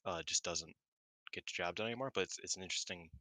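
Excitable man chatting, bright tense voice. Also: low-pitched, quick pace, no room sound, low-quality recording. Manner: excitable, swears, acts out quotes. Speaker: podcast co-host. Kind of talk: casual wrestling review chat.

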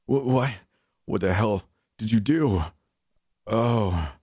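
A man's voice: slow pace, darkish tone, breathy edge, dry recording, studio quality. A man voicing a crude, leering male prisoner in an audiobook. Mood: panicked screaming. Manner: crude and leering, turns to shrill screaming. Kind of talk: audiobook character voice.

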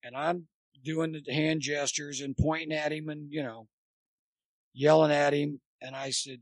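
On a dry recording, a former college baseball coach, now an older podcast guest, speaks at a moderate pace in a voice on the high side. He shares coaching anecdotes casually, vividly acting out the lines of everyone in them.

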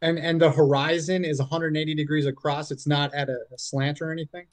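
A man arguing his side in an online debate, halting and often restarting his words. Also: a little high, little pitch movement, no echo. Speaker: flat earth debater.

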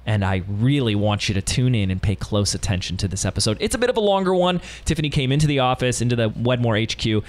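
A man's voice: medium pitch, lively intonation, fast talker, few pauses. A man hosting a business podcast from a studio, talking in an enthusiastic, emphatic and playful way. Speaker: podcast host. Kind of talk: upbeat podcast interview.

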